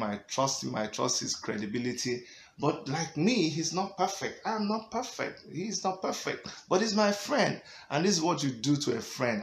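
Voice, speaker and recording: A man's voice: mid-range voice, echoey room, a little hiss or hum. A middle-aged Nigerian man with a Nigerian accent, giving an emphatic vlog rant that switches between Pidgin and English, chuckling often. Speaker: political party member.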